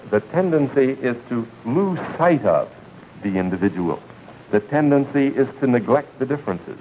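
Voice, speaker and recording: A man giving a televised lecture in a measured, deliberate way, repeating key words for emphasis. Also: mid-range voice, lively intonation, phone-quality sound, a little hiss or hum.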